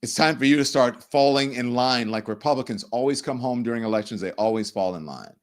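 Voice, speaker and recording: A middle-aged man hosting a live political commentary stream, ranting in an animated, profane way. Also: medium pitch, fairly quick. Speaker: livestream host.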